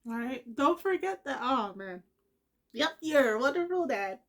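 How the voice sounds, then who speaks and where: A woman hosting an anime reaction video, emotional and talking back to the characters on screen in casual commentary. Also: high voice.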